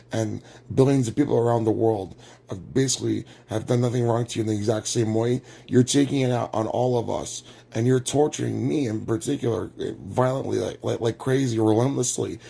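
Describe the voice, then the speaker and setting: A man's voice: on the low side, creaky, mellow, slightly rough. A man ranting angrily on a late-night livestream, agitated and repetitive, with labored, shallow breathing.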